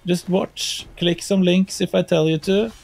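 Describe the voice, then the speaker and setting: A man with a Norwegian accent, chatting casually as a guest in an easygoing, halting way with many fillers. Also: high-pitched, steady tone, creaky, darkish tone. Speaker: guest streamer. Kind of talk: casual podcast chat.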